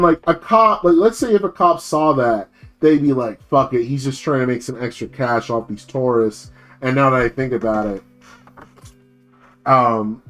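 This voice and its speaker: A young American man streaming as a VTuber, rambling through a profane, casual rant full of filler words. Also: on the high side. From United States.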